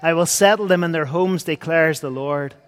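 A man preaching a sermon, earnest, swinging between loud and hushed. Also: on the high side, moderate pace, clear, resonant tone. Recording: long hall reverb.

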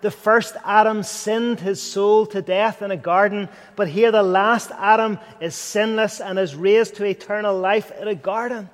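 A man's voice: high voice, steady tone, unhurried, few pauses. A man preaching an earnest sermon, rising to fervent and dropping to near whispers. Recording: long hall reverb.

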